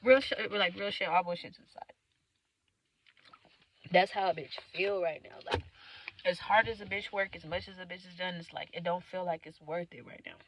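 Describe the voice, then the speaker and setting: A young woman venting in a candid, profane monologue, swinging from loud outbursts to low mutters. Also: fairly even intonation, moderate pace, a little hiss or hum. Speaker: vlogger.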